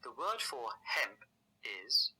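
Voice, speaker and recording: A man narrates a scripted language lesson with a measured, explanatory delivery. His voice is very bright and ringing. His pitch moves in lively swoops as he walks through each point. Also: breathy edge, rough recording. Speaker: language teacher.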